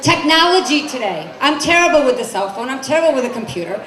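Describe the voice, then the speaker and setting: A very animated, fast-talking woman in her forties with a high, fairly bright voice does stand-up on a club stage. She's brassy and chatty, interrogating the crowd, in an echoey club full of laughter and room noise.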